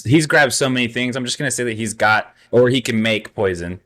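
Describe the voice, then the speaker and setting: A man's voice: mid-range voice, fairly quick, a bit bright. Easygoing man running a tabletop game. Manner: easygoing, slips in and out of character voices. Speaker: game master.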